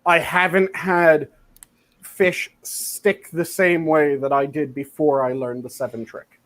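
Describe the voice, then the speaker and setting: A man hosting a casual cooking chat over a video call, explaining techniques in a relaxed, profane way. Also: fairly high pitch, takes it slowly.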